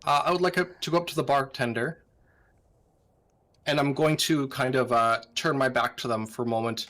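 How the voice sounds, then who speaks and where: A man taking part in a tabletop role-playing game, talking casually and hesitantly. He asks questions and narrates his character's moves in an everyday mid-pitched voice. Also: fairly even intonation, normal speed, a bit bright. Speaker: player.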